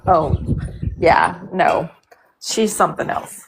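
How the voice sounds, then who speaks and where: A woman's voice: on the low side, slow, gravelly, slight background noise. Middle-aged woman telling funny stories. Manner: humorous storytelling. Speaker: chat participant. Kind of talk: casual group chat.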